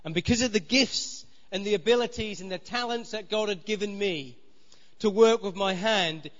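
A man's voice: sits high, moderate pace, in a large hall, dull audio. A man preaching a sermon as pastor, his emphasis rising and falling. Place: church.

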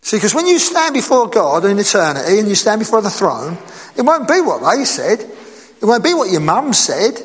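A man preaching a sermon in a lively, conversational way, asking his listeners rhetorical questions. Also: high-pitched, normal speed, in a large hall.

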